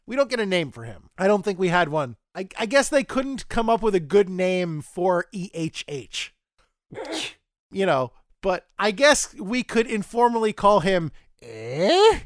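A man's voice: high voice, no room sound, studio quality. A man hosting a podcast, recapping an episode casually and chattily, quoting characters as he goes and often restarting his phrases. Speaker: podcast host.

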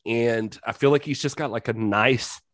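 A man's voice: medium pitch, moderate pace, fairly bright tone, no room sound, clean studio sound. A man co-hosting a casual film podcast, joking and reacting with laughter. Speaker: podcast co-host.

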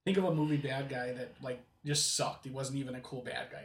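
A man's voice: medium pitch, steady tone, brisk, distant mic, a little hiss or hum. A man co-hosting a casual podcast chat, rambling with lots of fillers and restarts. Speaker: podcast co-host. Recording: roomy, from off-mic.

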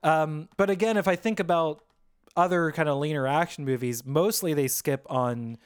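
Chatty, animated man podcaster. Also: a little high, moderate pace, clean tone, dry recording, studio quality. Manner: animated, rambling with many restarts. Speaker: podcast co-host. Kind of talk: casual movie podcast chat.

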